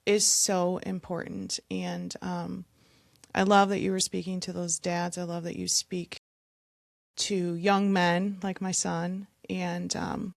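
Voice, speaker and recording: A woman's voice: on the low side, flat delivery, takes it slowly, vocal fry, no echo, clean studio sound. A woman hosting a podcast, chatting candidly with her guest and laughing along. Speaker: podcast host. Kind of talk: casual interview chat.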